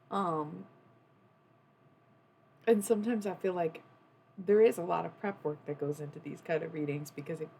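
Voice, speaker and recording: A woman's voice: sits low, vocal fry, a little hiss or hum. A young adult woman chatting casually on a livestream, rambling and swearing freely. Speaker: streamer.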